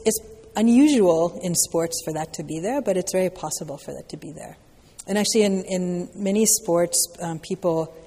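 A woman's voice: lowish voice, warm tone, slightly rough, long reverb tail. A woman giving a casual, reflective dharma talk as a teacher answering questions, with a loose way of speaking full of filler words. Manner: reflective, loose, peppered with "you know" and "like".

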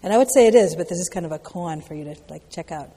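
Reflective woman meditation teacher, casual and unhurried in her phrasing, warm dark tone, recorded with long hall echo. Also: lowish voice, slight background noise. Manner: reflective, loose, peppered with "you know" and "like". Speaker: dharma teacher answering questions. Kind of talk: casual dharma talk Q&A.

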